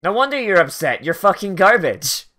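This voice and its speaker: Brief: male anime reactor, foul-mouthed and sarcastic, pitch jumping all over. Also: very animated, normal speed, bright, forceful tone. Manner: sarcastic, swearing, mock-angry. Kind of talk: profane watch-along commentary.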